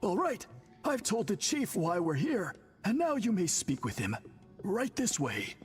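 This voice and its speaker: A courteous tribal priest. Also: male voice, high-pitched, big pitch swings. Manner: courteous, formal, measured. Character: polite tribal priest, formal and welcoming. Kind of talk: video game voice acting. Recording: game audio with faint music.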